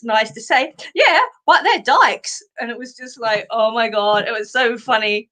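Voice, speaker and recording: Her voice fairly high and fairly bright, a middle-aged Australian woman chats casually on her live stream. She rambles through amusing stories, laughing frequently along the way.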